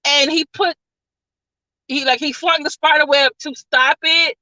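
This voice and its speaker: A woman's voice: high voice, steady tone, unhurried, bright, forceful tone, no room sound, poor audio. A woman reviewer retelling a movie plot in a casual, rambling way, full of "like" and "all of a sudden.". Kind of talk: casual spoiler-filled plot recap.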